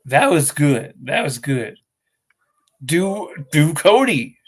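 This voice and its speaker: A man's voice: a little high, sing-song, slow pace. A man co-hosting a casual podcast, teasing his co-host and calling out the next impression. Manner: teasing, directing the game. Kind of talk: casual chat.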